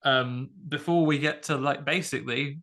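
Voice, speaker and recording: Bright-voiced man chatting wryly. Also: mid-range voice, fairly even intonation, moderate pace. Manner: chatty, wry, many fillers. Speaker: podcast host. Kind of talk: casual chat.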